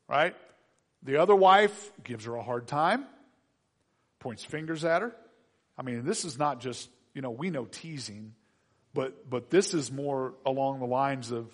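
A man preaching a sermon as pastor, conversational and joking, with frequent fillers and restarts. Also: medium pitch.

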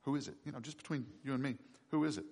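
A man voicing a young male disciple who quietly coaxes a secret answer out of his teacher. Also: medium pitch, steady tone, rapid-fire, slightly rough. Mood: coaxing. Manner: hushed and coaxing.

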